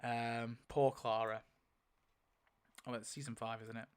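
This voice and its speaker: A man's voice: medium pitch, level tone, a little slow, clear, resonant tone. A young man giving casual commentary as he spins a wheel to pick story outcomes, rambling with lots of filler and frequent swearing. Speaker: video creator.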